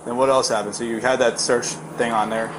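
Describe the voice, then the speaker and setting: A man, a sheriff's deputy, questioning people calmly with short acknowledgments. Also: mid-range voice, fairly quick. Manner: calm, repeats short acknowledgments. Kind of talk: police questioning. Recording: noisy body camera audio.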